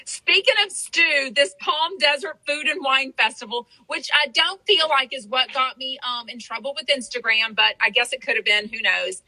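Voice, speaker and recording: A woman's voice: high voice, normal speed, hardly any pauses, bright, forceful tone, low-quality recording. A woman hosting a podcast, chatting casually in a rambling way with lots of fillers. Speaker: podcast host. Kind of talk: casual chat.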